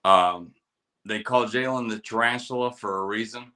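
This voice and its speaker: A middle-aged man, a veteran co-hosting a casual show, telling stories and giving fight picks with lots of profanity and animated quoting. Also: fairly low pitch, normal speed. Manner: storytelling, profane, animated quotes. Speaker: podcast co-host, military veteran.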